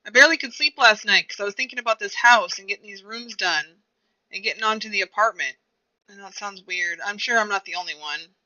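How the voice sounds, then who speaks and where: A woman's voice: medium pitch, a little fast, bright, forceful tone. A young woman streamer chatting casually and rambling to herself while she plays a game. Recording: dull lo-fi recording.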